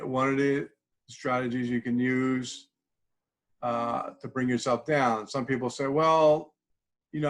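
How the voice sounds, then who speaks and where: Man demonstrating a technique to a class. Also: mid-range voice. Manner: instructive, repeats phrases while demonstrating. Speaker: instructor.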